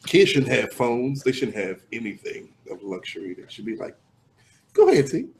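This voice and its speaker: A man's voice: mid-range voice, moderate pace, vocal fry. A man co-hosting a podcast in casual chat, blunt and wryly teasing. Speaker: podcast co-host.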